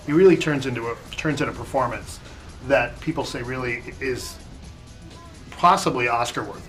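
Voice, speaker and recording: Mid-pitched man discussing film reviews. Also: moderate pace, a bit bright, soft background music. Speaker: film review show co-host.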